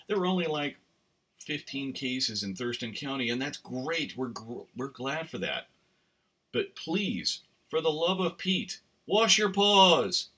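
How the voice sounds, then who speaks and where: Talk host: rambling male storyteller, tense bright tone, set back from the mic. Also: mid-range voice, breathy edge, recorded from a distance. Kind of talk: casual commentary monologue.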